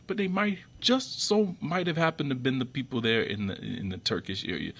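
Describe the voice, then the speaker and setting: This video commentator's husky, vocal-fried monologue is brisk and very animated, with hardly any pauses. He rambles off the cuff, restarting and repeating words, and his irritation keeps pushing his voice sharply higher and louder.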